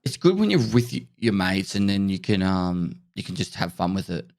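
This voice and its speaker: Male podcast guest, low voice, laid-back, rambling, very lively pitch. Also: normal speed. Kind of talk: casual chat.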